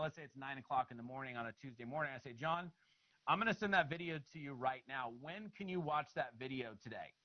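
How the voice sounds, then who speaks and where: A man giving an instructional talk on follow-up calls, acting out both sides of the conversations in an animated way. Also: medium pitch, quick pace, highs cut off. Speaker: network marketing trainer.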